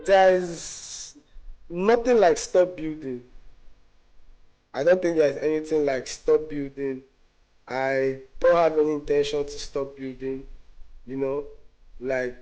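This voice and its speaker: A man answering interview questions in a relaxed way, often repeating and restarting words. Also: a little high, a little slow, poor audio. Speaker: brand owner and interview guest.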